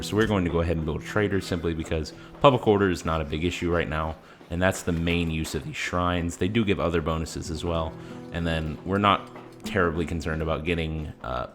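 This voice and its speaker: A man casually commenting on his strategy game as he plays, chatty and explanatory, with frequent fillers. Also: a bass voice. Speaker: gaming channel host.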